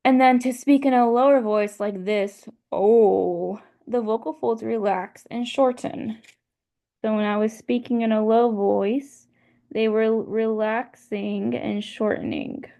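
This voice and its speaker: A young woman gives a class presentation, explaining a model one step at a time. She talks slowly, and her voice has a gravelly, fried edge. She often circles back to repeat a point. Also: on the high side, steady tone, dark tone. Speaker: student presenter.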